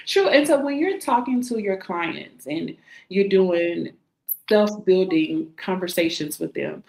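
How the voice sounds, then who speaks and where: A woman hosting a roundtable, speaking in a measured way and asking reflective questions. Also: lowish voice, expressive, creaky, a little mellow, roomy sound. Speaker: host. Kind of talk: roundtable conversation.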